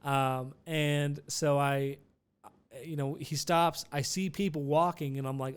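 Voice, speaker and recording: A young man hosting a podcast, telling a rambling, animated story with restarts and swearing. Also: a little high, takes it slowly, clean tone. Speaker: podcast host. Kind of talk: casual storytelling.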